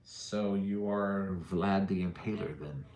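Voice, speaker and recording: A man's voice: sits low, takes it slowly, darkish tone. A middle-aged man hosting a casual livestream, joking easily and answering viewers' chat. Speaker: livestream host. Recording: echoey room.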